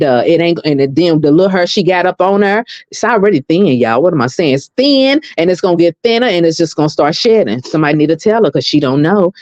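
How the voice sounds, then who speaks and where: A woman's voice: lowish voice, no room sound. A woman hosting a casual gossip commentary channel, talking animatedly and straight to her viewers. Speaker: channel host. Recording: dull, lo-fi and dry.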